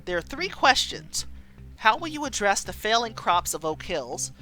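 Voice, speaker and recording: Woman voices a crisp, pointed TV anchor with a raised pitch and lively swing. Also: moderate pace. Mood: probing. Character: sharp, probing female TV news anchor.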